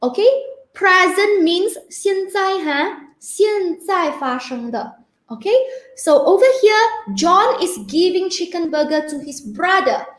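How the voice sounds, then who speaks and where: A high-voiced woman teaching a grammar lesson to young pupils. She speaks slowly and patiently, spells words out letter by letter, and keeps checking in with "okay?". Her voice rings in an echoey room. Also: expressive, fairly bright tone. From Malaysia. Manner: peppers speech with "okay?" checks. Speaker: primary school English teacher.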